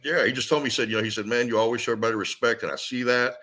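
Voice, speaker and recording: A man's voice: mid-range voice, rapid-fire. A man telling blunt, salty wrestling stories in casual talk. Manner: blunt, salty, animated storyteller. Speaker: retired wrestler guest. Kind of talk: casual storytelling chat.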